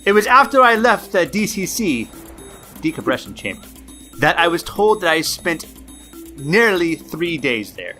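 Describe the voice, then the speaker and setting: A man on a podcast voicing a shaken male shipwreck survivor, with an overdone put-on Nigerian accent pitched above his usual voice. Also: sing-song, measured pace, pushed and bright, faint music behind, full character voice. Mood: recounting. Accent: attempted Nigerian. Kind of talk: podcast reenactment.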